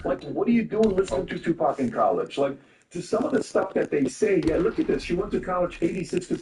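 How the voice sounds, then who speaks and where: A man hosting a casual podcast chat, teasing, quick to cue up clips for his producer. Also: high-pitched, lively intonation. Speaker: podcast host. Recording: roomy, distant mic with faint noise.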